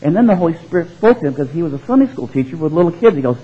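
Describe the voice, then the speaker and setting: A man's voice: fairly high pitch, racing, hardly any pauses, breathy edge, lo-fi sound. A man preaching a sermon as pastor, telling stories and acting out the voices in them. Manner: animated storytelling, acting out voices.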